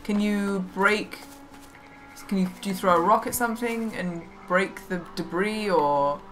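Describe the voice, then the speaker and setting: A woman's voice: medium pitch, unhurried, fairly bright tone, faint music behind. A woman helping a friend through a game on a live stream, teasing her, greeting viewers and giving tips. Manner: playful, teasing, greets chat and gives tips. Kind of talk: casual live-stream chat.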